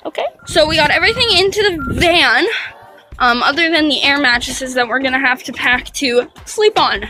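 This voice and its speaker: A woman's voice: high-pitched, moderate pace, pushed and bright. A young woman chatting casually in a vlog, rambling and correcting herself as she goes. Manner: rambling, chatty, self-interrupting. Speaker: vlogger. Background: music.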